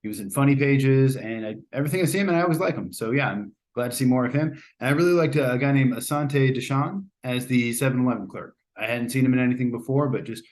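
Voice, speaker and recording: A man's voice: mid-range voice, fast, hardly any pauses. A man hosting a casual spoken movie review, chatty and rambling, often hedging and restarting his sentences. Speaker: host.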